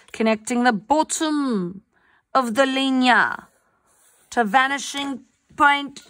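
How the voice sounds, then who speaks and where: A woman's voice: fairly high pitch, pushed and bright. A woman art teacher giving a live online drawing lesson over a video call, chatty and upbeat, coaxing her students to answer. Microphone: computer mic on a video call.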